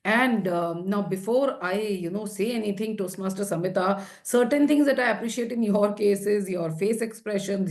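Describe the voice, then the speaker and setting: A woman's voice: medium pitch, normal speed, few pauses, a little mellow. A woman from India giving encouraging feedback as a table topics evaluator in an online club meeting.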